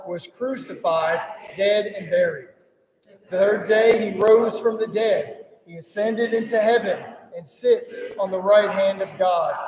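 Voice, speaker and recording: High-voiced pastor leading the creed. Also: male voice. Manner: steady liturgical recitation. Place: church sanctuary. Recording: echoey hall with congregation.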